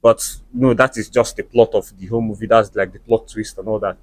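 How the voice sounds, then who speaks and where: A man's voice: fairly low pitch, fairly even intonation, quick pace, dry recording. A Nigerian man with an Igbo accent, a native Igbo speaker, chatting in a casual, opinionated movie review and lecturing the listener with conversational tags.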